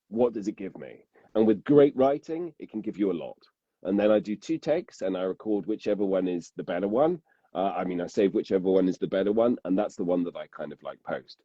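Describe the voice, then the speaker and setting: A man's voice: fairly low pitch, mellow, no room sound, highs cut off. A man, a narrator and podcast guest, talking casually and rambling, restarting sentences and laughing often.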